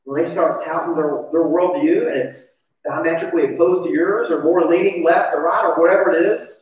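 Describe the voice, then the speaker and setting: A man's voice: fairly high pitch, steady tone, a little fast. Man preaching from afar in an echoey room. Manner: conversational, confessional, asks the audience questions. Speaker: pastor. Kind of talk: sermon. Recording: distant, echoey, dull church recording.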